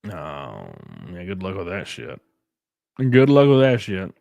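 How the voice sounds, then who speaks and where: A man's voice: sits low, big pitch swings, slow pace, gravelly, a little mellow, no room sound, highs cut off. A man streaming live, reading chat messages and riffing sarcastically with plenty of swearing and mocking voices.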